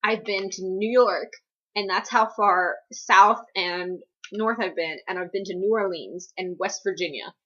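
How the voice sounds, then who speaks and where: A woman's voice: mid-range voice, a little slow, bright, forceful tone, highs cut off. A young woman from the US East Coast answering viewer questions in a casual Q&A vlog, rambling with lots of fillers and self-deprecating asides. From East Coast United States. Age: young adult.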